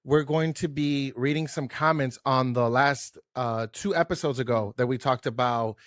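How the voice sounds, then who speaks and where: A man's voice: mid-range voice, moderate pace, no echo, clean studio sound. A man hosting a casual podcast chat, talking loosely and chiming in with frequent affirmations. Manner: chatty, frequent affirming fillers. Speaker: podcast host.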